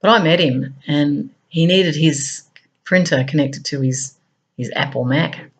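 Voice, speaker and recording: A middle-aged Australian woman with an Australian accent, speaking earnestly in an unhurried, reflective personal monologue. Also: sits low, breathy edge. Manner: earnest, unhurried, with frequent laughs. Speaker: speaker on a talk show.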